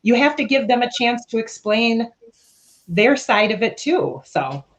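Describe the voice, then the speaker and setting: A woman's voice: fairly high pitch, sing-song, measured pace. A woman speaking as a panelist, candid and questioning, often checking in with "right?". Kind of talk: reflective panel discussion.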